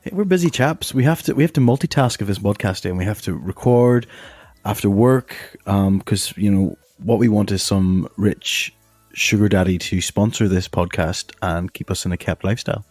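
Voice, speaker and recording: Man, dark mellow voice. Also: fairly low pitch, normal speed, slightly rough, no room sound, faint music behind. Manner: jokey, rambling, laughs often. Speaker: podcast co-host. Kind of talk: casual chat.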